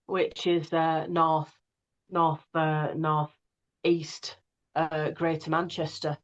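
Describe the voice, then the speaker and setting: A woman's voice: lowish voice, level tone, slow pace, long pauses, highs cut off. A woman, an audiobook narrator chatting casually and digressively as a guest. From northwest England. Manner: chatty, digressive, many fillers. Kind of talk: casual conversation.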